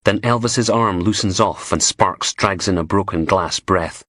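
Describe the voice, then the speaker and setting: Low, husky male crime narrator. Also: a little slow, pushed and bright, no room sound, studio quality. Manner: gritty, sardonic. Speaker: audiobook narrator. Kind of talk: crime thriller audiobook narration.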